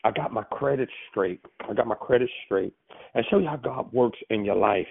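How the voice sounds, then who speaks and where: A man, preaching as a pastor on a call line, animated and storytelling. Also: mid-range voice, moderate pace, vocal fry, breathy edge, no echo. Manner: storytelling, animated, lively with asides. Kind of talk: sermon on a prayer call line. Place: phone call. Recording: tinny phone line, dry.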